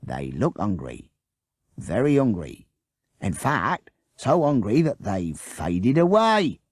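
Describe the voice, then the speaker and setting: A man's voice: lowish voice, huge pitch swings, slow pace, slightly rough, no room sound, clean studio sound, voice pushed up, heavily acted. Guy doing a jeery cop voice, suspicious, lots of "eh?", huskier tone. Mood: jeering. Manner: jeering, keeps tacking on "eh?". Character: suspicious sarcastic village policeman, male, middle-aged.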